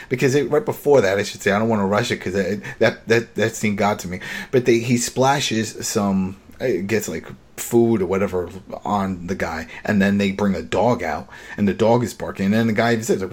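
A man's voice: on the low side, moderate pace. A man hosting a podcast, casually recapping a TV episode in a rambling, opinionated way with many restarts. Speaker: podcast host.

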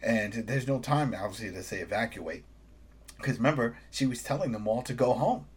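Husky-voiced man recapping with exasperation. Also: normal speed. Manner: animated, rising high when exasperated, voices characters in quotes. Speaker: podcast co-host. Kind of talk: casual chat recapping a TV episode.

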